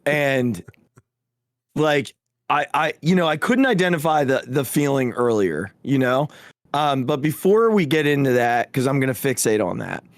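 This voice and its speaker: A man in his thirties hosts a podcast, his mid-pitched voice close and dry. He talks with feeling, stammering and restarting as he goes. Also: animated, a little slow, no echo. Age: 30s. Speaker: podcast host. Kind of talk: casual chat.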